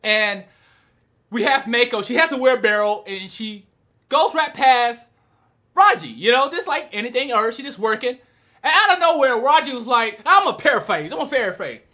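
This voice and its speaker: A young woman giving a casual, slangy video review, animated and quick to break into shouts as she retells scenes. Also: on the high side. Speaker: manga reviewer.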